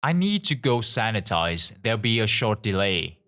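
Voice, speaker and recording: A calm clinic phlebotomist asking firmly and politely, voiced by a man. A lowish male voice with a lively lift. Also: normal speed, exaggerated voice.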